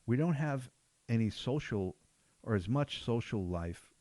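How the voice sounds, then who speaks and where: A man's voice: medium pitch, lively intonation, a little slow, dark tone, no room sound. A man hosting a podcast as a jiu-jitsu black belt, talking casually and often checking in with "right?".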